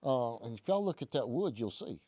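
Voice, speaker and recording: A man's voice: mid-range voice, big pitch swings, fairly quick, dark tone, no room sound. A man hosting a casual live stream from a gun shop, telling stories in a folksy, joking way. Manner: folksy, joking, rambling explanations. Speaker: host.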